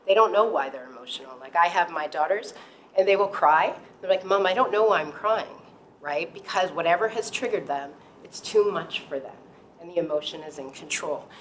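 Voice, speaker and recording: Low-voiced teacher explaining brain science. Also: female voice, a little fast, a little hiss or hum, poor audio. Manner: animated, explanatory, with fillers. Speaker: high school teacher. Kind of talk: presenting at a parent talk.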